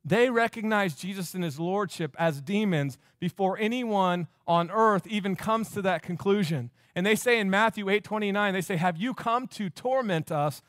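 Man, pastor, high voice, emphatic sermon delivery, dry close sound. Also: moderate pace, few pauses, a bit bright, no room sound. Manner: emphatic, repeating phrases for effect.

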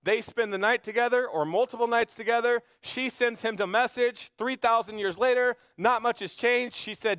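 A man preaching a sermon, retelling a story dramatically and swinging between loud emphasis and hushed intensity. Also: sits high, normal speed, smooth, no echo. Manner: storytelling preacher, acting out quoted voices. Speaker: pastor.

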